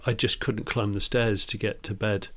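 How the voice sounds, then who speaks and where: Male co-host, middle-aged, lowish voice, enthusiastic casual talker. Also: little pitch movement, normal speed, fairly bright tone. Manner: enthusiastic, gushing about engines. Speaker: podcast co-host. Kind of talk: casual chat.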